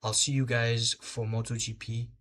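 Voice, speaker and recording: A medium-pitched, fairly bright, level voice at a moderate pace, with a little hiss or hum, belongs to a young Botswanan man of Indian heritage whose first language is Hindi. Tired and short on sleep, he hosts a casual live race recap watch-along, hesitant and filler-heavy as he hunts for words.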